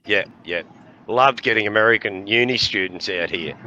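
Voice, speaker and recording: A man's voice: fairly low pitch, moderate pace, sharp tone, muffled recording, a little hiss or hum. An Australian man in his sixties telling rowdy stories in casual chat, laughing often and swearing freely. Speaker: podcast host.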